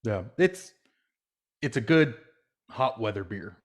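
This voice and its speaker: A man's voice: mid-range voice, big pitch swings, takes it slowly. A man co-hosting a podcast, laid-back and casual with crude humor. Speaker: podcast co-host.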